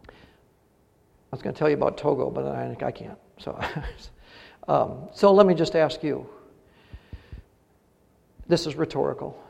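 A man's voice: mid-range voice, a little slow, creaky, pauses often, a little mellow, breathy edge. A middle-aged male pastor preaching a sermon, earnest and building to emphatic peaks on key phrases. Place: church sanctuary. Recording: long reverb of a church hall.

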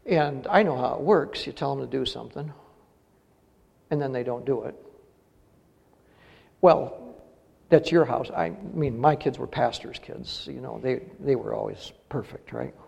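A man's voice: mid-range voice, a little slow, vocal fry, pauses often, a little mellow, breathy edge. A middle-aged male pastor preaching a sermon, earnest and building to emphatic peaks on key phrases. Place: church sanctuary. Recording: long reverb of a church hall.

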